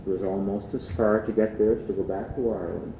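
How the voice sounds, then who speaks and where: A man's voice: fairly low pitch, fairly even intonation, fast, a little hiss or hum. A man from Prince Edward Island giving a humorous storytelling lecture to an audience, with wry asides. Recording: distant, dull, roomy archive recording.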